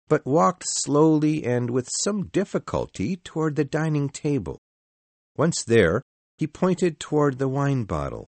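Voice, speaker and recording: A man narrating a story in the first person in a measured, expressive reading. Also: medium pitch, no room sound.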